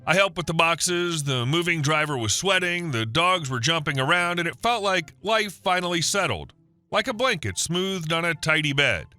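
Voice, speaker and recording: A man narrating a scripted first-person story in an even storytelling manner. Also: fairly high pitch, normal speed, no room sound, faint music behind.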